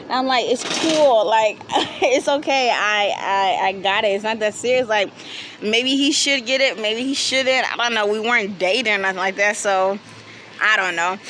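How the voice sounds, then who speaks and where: A young woman vlogger telling a storytime in a chatty, animated way, acting out her friends' lines, recorded outdoors. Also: mid-range voice, slight background noise. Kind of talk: casual storytime. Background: passing vehicles.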